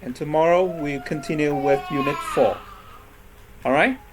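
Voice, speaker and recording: A man's voice: on the high side, moderate pace, background noise. A man teaching an English lesson on word stress, patiently checking in with his class after each point. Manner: patient, constantly checks in with "right?" and "okay?".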